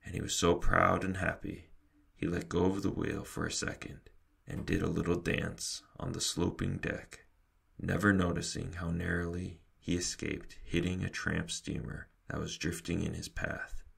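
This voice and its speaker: A man reading a children's novel aloud with steady storybook narration and a deep gravelly voice. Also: normal speed. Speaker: reader.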